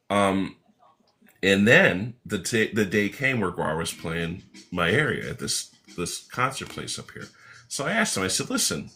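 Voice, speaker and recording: A man with a very low but sharp, bright voice, talking casually as a guest. He tells long stories that wander and restart, quoting himself and others, and swears now and then. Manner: rambling, animated anecdotes with self-corrections and swearing. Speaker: author and musician guest. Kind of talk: casual storytelling in an interview.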